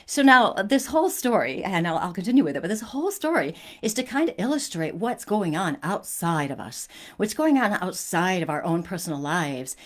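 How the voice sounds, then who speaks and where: A woman's voice: fairly low pitch, big pitch swings, brisk. A woman hosting a spiritual talk, telling a personal story in an earnest, conversational way with frequent restarts.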